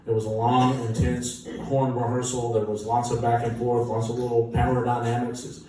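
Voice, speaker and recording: A band musician telling an animated, self-mocking story with frequent laughter. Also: male voice, mid-range voice, moderate pace. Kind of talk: casual anecdote storytelling. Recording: echoey room, distant mic, noisy.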